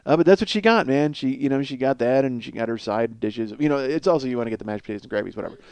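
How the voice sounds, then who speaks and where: Speaking rapid-fire in an expressive, mid-range voice that is smooth and darkish, this podcast host tells a comic story with no room sound around him. The comedy-podcast monologue rambles, turns profane and self-mocking, and he laughs at his own jokes while nursing a cold sore on his face.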